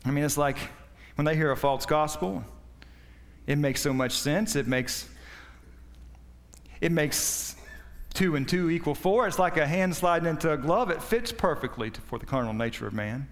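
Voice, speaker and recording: A man's voice: lively intonation, moderate pace, pauses often. Impassioned preacher man in a reverberant hall. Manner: impassioned, rising and falling in pitch and volume. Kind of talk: sermon.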